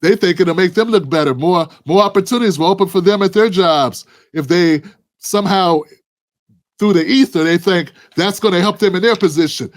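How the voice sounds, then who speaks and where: A man's voice: high voice, normal speed. A man giving impassioned political commentary, preaching and firing off rhetorical questions at a co-host. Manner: addresses a co-host by name.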